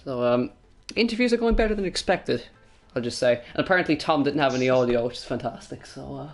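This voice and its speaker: A man's voice: mid-range voice, expressive, fast, soft background music. A man hosting post-race esports interviews, hesitant with many ums and joking asides. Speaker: host and interviewer.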